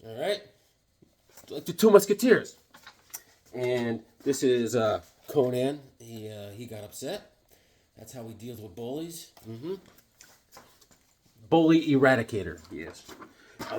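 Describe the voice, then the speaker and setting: A man chatting casually as a comic book vlogger, joking and rambling with sudden loud bursts while he shows off his sketches. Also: medium pitch, measured pace, slight background noise. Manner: excitable, jokey, rambling, with sudden loud outbursts. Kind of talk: casual chat showing sketches.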